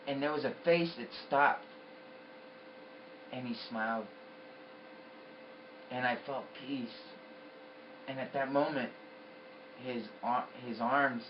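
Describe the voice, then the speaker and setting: A man's voice: mid-range voice, distant mic, highs cut off, a little hiss or hum. A man giving an intense, emphatic personal testimony about a vision. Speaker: storyteller.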